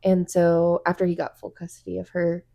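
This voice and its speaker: A woman's voice: on the low side, moderate pace, gravelly, dull audio. A woman co-hosting a casual chat podcast, telling stories animatedly with lots of fillers. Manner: chatty, animated storytelling with fillers. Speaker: podcast co-host.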